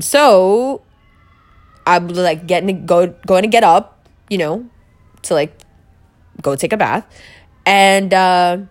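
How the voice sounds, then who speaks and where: Chatty woman with a lowish voice. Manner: chatty, peppered with "like", quoting herself. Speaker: storyteller. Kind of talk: candid personal storytelling.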